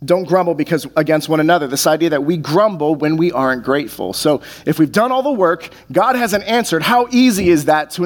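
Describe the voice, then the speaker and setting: A man preaching a sermon as pastor, earnest, often restarting his words. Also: a little high.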